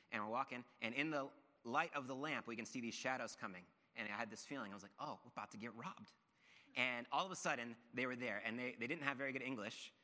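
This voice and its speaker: A man with a mid-range voice preaches a sermon, animatedly telling a personal story and acting out the voices of its characters. The recording carries the long reverb of a large hall.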